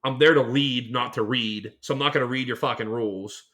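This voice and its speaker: A male podcast co-host with a Western Pennsylvania accent, talking in a loud, profane and joking way. His voice is bright and forward. He keeps dropping into quick impressions of other people. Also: mid-range voice. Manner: profane, boisterous, jumps into exaggerated impressions. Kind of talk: casual chat.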